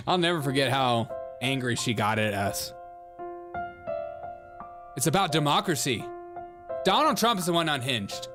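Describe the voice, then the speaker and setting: A man hosting a live online show, giving loud, mocking political commentary and laughing often. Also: mid-range voice, big pitch swings, measured pace, long pauses, over music. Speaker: livestream host.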